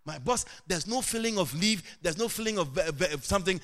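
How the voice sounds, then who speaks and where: A middle-aged man preaching a sermon as pastor, animated, with sudden shouted and sing-song rises. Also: sits high, fairly quick.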